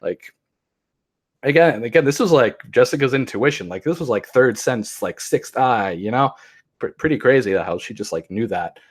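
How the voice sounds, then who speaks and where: A young man talks into a handheld mic, recapping with a loose, rambling delivery. He turns exasperated and sarcastic at times, and his pitch sits in an ordinary middle range. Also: expressive, normal speed. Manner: rambling, exasperated, mocking impressions. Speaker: podcast host. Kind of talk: casual recap commentary. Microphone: handheld podcast mic.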